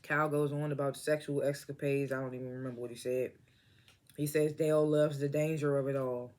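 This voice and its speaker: A man's voice: mid-range voice, little pitch movement, fairly quick, a little mellow. A man casually recapping a TV episode, laughing often and acting out the characters' lines, and he says he is stoned. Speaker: TV episode reviewer.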